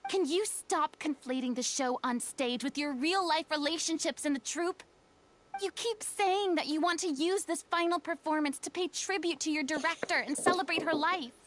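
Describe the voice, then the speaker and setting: A woman's voice: sits high, normal speed, fairly bright tone, slight background noise. A woman voicing a stern, commanding young woman in a game cutscene, lecturing a quarreling group with firm authority. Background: music.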